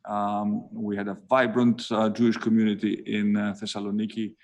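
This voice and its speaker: A man with a Greek accent, a national leader answering interview questions slowly and deliberately over a video call, with frequent pauses and filler sounds. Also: lowish voice, little pitch movement, a little mellow. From Greece. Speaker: prime minister being interviewed.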